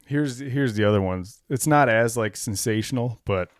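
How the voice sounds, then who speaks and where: A man's voice: mid-range voice, moderate pace, no echo, clean studio sound. Laughing, swearing podcast co-host man. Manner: reads documents aloud, laughs often, swears, gets animated. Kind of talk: casual chat.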